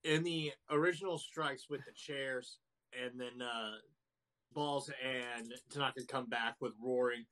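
A man's voice: mid-range voice, steady tone, unhurried, pushed and bright. A man in casual chat, telling a story with animation and laughing through the quotes. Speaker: podcast co-host.

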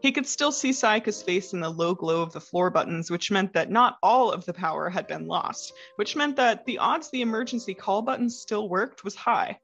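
A woman's voice: medium pitch, animated, moderate pace, hardly any pauses, fairly bright tone, soft background music. A young woman reading a story aloud in a casual, easygoing way. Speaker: co-host reading fanfic.

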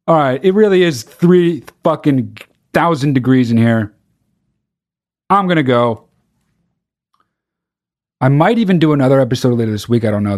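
A man's voice: medium pitch, a little mellow. A man hosting a solo podcast, rambling in casual talk and swearing freely. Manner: rapid, profane, rambling. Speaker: podcast host.

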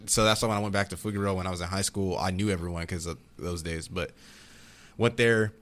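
A young man in casual chat, telling rambling, animated stories about growing up, with frequent restarts. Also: deep voice, fast talker. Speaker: podcast guest.

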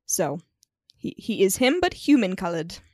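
A woman's voice: medium pitch, very animated, a little slow, a little mellow, no room sound, clean studio sound. A woman playing a tabletop game, chatting casually as a player.

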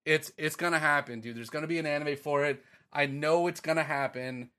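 Excited, bright-voiced young man. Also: a little high, a little fast, smooth. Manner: excited, profane, retelling a story with acted quotes. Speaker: podcast co-host. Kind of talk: casual chat.

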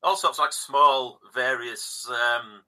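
Easygoing English man, crisp and sharp. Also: medium pitch, slow pace, low-quality recording. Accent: English, East Anglian coast. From England. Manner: easygoing, hesitant with ums. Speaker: guest musician. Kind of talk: casual interview.

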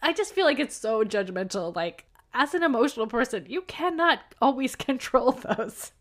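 A woman's voice: a little high, lively intonation, normal speed. A woman co-hosting a podcast, recapping a book in a chatty way, with frequent "like"s and laughter. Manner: chatty recap, laughs often, says "like" a lot. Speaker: podcast co-host. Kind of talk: casual book discussion.

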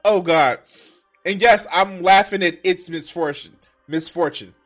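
A man's voice: high voice, measured pace, a bit bright, faint music behind. A man live-streaming his reactions, playful, teasing and profane.

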